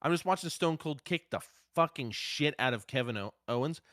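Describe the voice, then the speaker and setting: A man co-hosting a casual wrestling podcast, excitable and profane, his voice swinging between loud bursts and quiet asides. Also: fairly high pitch, brisk, no room sound, clean studio sound. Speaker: podcast co-host.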